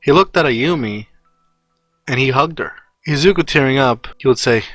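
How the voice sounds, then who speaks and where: A man narrates a fan story in a plain, steady voice of middle pitch. The recording is dry with faint music under it. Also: normal speed, no echo.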